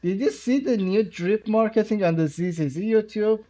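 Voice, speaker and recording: A man's voice: sits high, moderate pace, mellow. A man from Iran with a Persian accent, his first language being Persian, chatting casually with his chat on a game livestream, laughing often and bantering playfully. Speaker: streamer.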